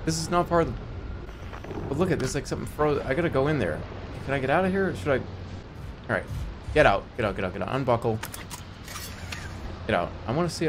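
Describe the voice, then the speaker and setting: A man giving excitable, self-mocking live commentary while playing a video game, often repeating phrases in bursts. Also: a little high, background noise. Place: home streaming setup.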